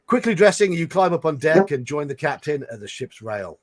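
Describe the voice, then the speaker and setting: A man's voice: on the high side, big pitch swings, brisk, dry recording. A man hosting a live playthrough, reading a gamebook aloud with casual asides and chuckles.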